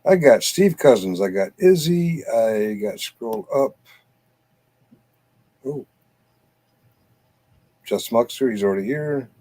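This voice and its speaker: A man's voice: medium pitch, animated, takes it slowly, long pauses, mellow. Man, American, livestream host, late-night chat, rambling, reads comments, laughs a lot. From United States.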